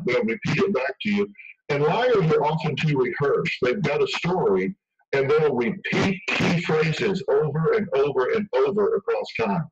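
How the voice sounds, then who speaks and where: A man's voice: on the high side, sing-song, moderate pace, gravelly, faint music behind. A man speaking as an expert guest in a radio interview, emphatic and conversational, acting out quoted lines. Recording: dull radio broadcast from far off.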